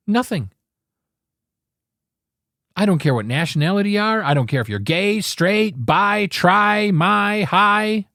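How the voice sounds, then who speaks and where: Ranting man with lively pitch. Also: dry recording, clean studio sound. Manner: angry, emphatic, sarcastic, profane. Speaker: political talk show host. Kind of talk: ranting political monologue.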